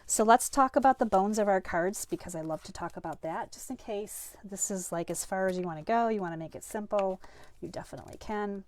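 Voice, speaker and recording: A woman's voice: medium pitch, fairly quick, a little mellow. A middle-aged woman teaching a live card-making class, chatty and upbeat while getting over a cold and a bit sniffly. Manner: chatty, upbeat, self-deprecating. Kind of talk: live-stream craft class.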